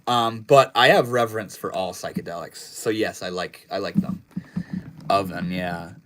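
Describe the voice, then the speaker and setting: A young man hosting a casual livestream, reading chat messages aloud and answering in a laid-back, slangy way that trails off into low mumbles. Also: normal speed, noisy background. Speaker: livestream host.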